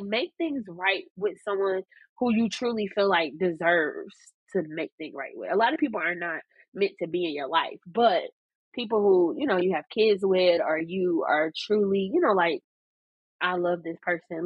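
A woman with a husky, slightly breathy voice, chatting candidly on a podcast. The sound is dry and close, with a slightly muffled, lo-fi quality. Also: fairly low pitch, no room sound. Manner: candid, heartfelt storytelling with filler words. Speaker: podcast co-host. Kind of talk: casual podcast chat.

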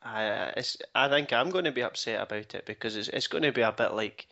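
A man hosts a casual podcast, cracking jokes and often restarting his sentences. His voice comes across bright and forward. The recording has a slightly dull, lo-fi quality. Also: mid-range voice, creaky. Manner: joking, with halting restarts. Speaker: podcast host. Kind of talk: casual banter.

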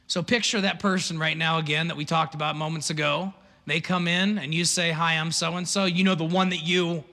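A man preaching a sermon in an animated, conversational way, full of asides and laughs. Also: on the high side, brisk, long reverb tail. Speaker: pastor.

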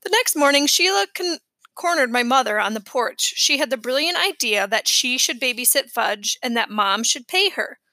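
A woman reading a children's chapter book aloud in a clear, expressive storytelling manner. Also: high-pitched, moderate pace, no room sound. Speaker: audiobook reader.

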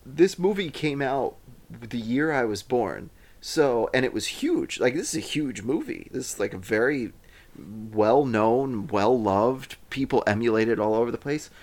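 A man's voice: medium pitch, lively intonation, unhurried, a little mellow. A man in his thirties talking casually on a podcast, musing and hesitant, often trailing off. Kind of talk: casual chat.

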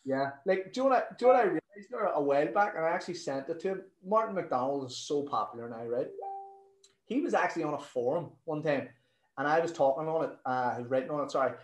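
Swearing coach, echoey room. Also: male voice, fairly high pitch, fast. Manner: animated, swears freely, tells stories. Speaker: nutrition coach, guest. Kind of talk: casual podcast interview.

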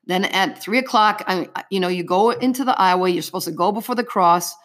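A woman's voice: mid-range voice, brisk, a bit bright. Earnest woman recounting a faith testimony. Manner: earnest, vivid storytelling in present tense. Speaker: interview guest.

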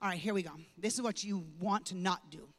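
An older woman pastor delivering a sermon, moving from conversational teaching to loud, impassioned preaching. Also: medium pitch, brisk, big-room sound. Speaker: guest pastor.

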